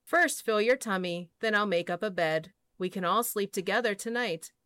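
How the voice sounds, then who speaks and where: A cozy, welcoming mother hedgehog from a storybook, soothing and cheerful with a lively, lilting pitch, as a woman reads her. Bright, crisp tone with no room sound. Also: measured pace, no room sound, full character voice.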